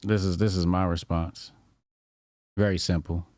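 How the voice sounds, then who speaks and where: A man's voice: low voice, flat delivery, unhurried, darkish tone, no echo, studio quality. A man hosting a live stream, chatting loosely in slang, reading posts aloud and reacting to them. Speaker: livestream host. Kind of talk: casual live commentary.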